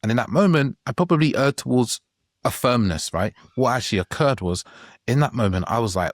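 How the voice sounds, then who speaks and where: A man's voice: mid-range voice, animated, brisk, no echo, clean studio sound. A middle-aged man talking through relationship advice in a conversational podcast monologue, often checking in with "right?". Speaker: relationship coach.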